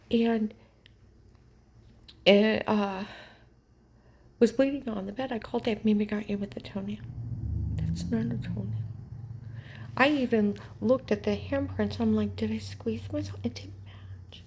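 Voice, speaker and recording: A woman giving an urgent, agitated personal account, often dropping to a hushed whisper. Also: a little high, fairly even intonation, unhurried, long pauses. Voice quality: gravelly, very husky. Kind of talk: personal account told to camera.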